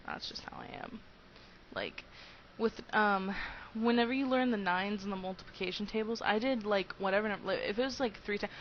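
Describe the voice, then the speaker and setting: A woman's voice: medium pitch, vocal fry, fairly bright tone, dull audio, slight background noise. A young woman in her twenties narrating a video game playthrough in casual, rambling commentary, giggly and hyper. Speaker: let's play host.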